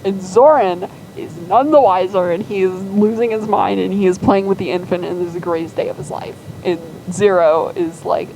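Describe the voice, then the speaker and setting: A woman's voice: fairly low pitch, fairly even intonation, moderate pace, few pauses, warm tone, a little hiss or hum, low-quality recording. A woman casually telling a rambling fan story, acting out quoted lines and filling with "like". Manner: rambling, full of "like" and quoted voices.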